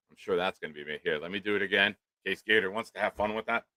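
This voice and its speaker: Middle aged new guy ranting a crude funny story, bright forceful voice, dry close sound. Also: low voice, fairly quick, pauses often, no room sound, poor audio. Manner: loud, animated rants with crude jokes. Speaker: podcast co-host. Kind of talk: profane comedic storytelling.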